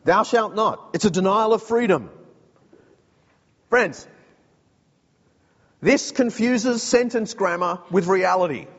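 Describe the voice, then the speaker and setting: A man with an Australian accent preaching a sermon, animated and joking, putting on mock voices to make his point. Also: high-pitched, takes it slowly, long pauses, big-room sound, highs cut off.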